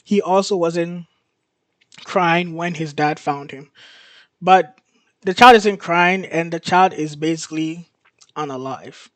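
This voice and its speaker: A man hosting his show, casually recapping a TV episode in an excited, storytelling way. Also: a little high, slow pace, long pauses, dry recording. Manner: excited storytelling, laughs and gasps in disbelief. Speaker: host.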